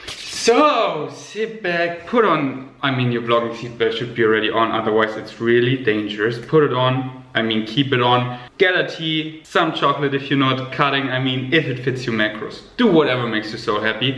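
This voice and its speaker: A young man vlogging casually to a handheld camera in a room, rambling and excitable with big jumps in his voice. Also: medium pitch. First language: German. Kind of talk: casual vlog talk to camera. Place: indoor room with a window. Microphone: handheld camera at arm's length. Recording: echoey room with faint music.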